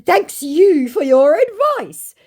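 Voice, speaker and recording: A woman's voice: very high-pitched, very animated, slow, dark tone, voice pushed up, heavily acted. A woman voicing a pushy, indignant male online scammer who talks in a huffy, dismissive way and keeps saying goodbye.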